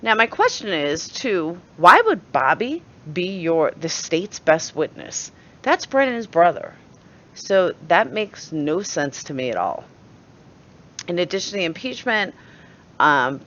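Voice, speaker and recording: A woman's voice: deep voice, fairly bright tone. A woman with a New York accent giving blunt, sarcastic commentary and swearing freely, with a dull lo-fi recording sound. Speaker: channel host. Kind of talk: opinionated commentary.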